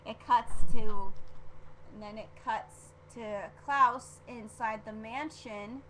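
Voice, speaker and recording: A woman vlogging a casual episode review, rambling and gushing as an excitable fan, with lots of fillers and restarts. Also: a little high, slow, long pauses, a little hiss or hum. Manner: filler-heavy with frequent restarts. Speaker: TV show reviewer.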